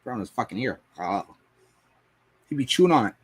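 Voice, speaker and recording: Man, live streamer, casual, rambling, swears a lot, thinking out loud, mid-range voice. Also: medium pitch, big pitch swings, brisk, breathy edge. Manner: rambling, talks to himself and chat, swears often. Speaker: live streamer painting on air. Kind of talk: casual live-stream chat while painting.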